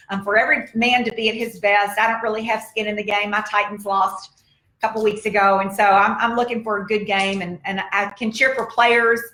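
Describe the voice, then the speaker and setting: Woman, motivational speaker, emphatic and repetitive, slightly high voice, echoey room. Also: sharp tone. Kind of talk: motivational talk. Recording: roomy echo.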